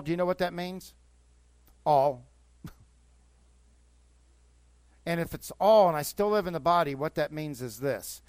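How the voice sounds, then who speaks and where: A man's voice: fairly high pitch, clear, resonant tone, dry recording. An older man, a pastor preaching a sermon in church, moving from conversational teaching to fervent exhortation.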